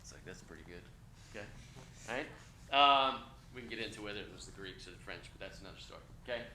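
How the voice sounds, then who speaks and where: A male instructor lectures with a bright, forceful tone and keeps checking in with his students. The classroom rings with echo, and a faint hiss sits underneath. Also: on the low side, quick pace. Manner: energetic, conversational, frequent "okay?" check-ins. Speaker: college instructor. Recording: echoey classroom with faint noise.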